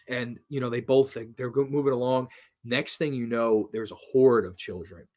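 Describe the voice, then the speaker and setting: A man's voice: mid-range voice, expressive, fairly quick, fairly bright tone, muffled recording. Profane, rambling horror-review man. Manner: rambling, profane and enthusiastic, reacts to live comments. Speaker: horror film review host. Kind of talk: casual film review chat.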